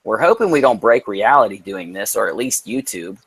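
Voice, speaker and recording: A man's voice: on the low side, a little fast, vocal fry, slightly rough, no echo. A man co-hosting a live stream, chatting casually in a playful, joking way. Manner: joking, playful, animated storytelling. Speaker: co-host.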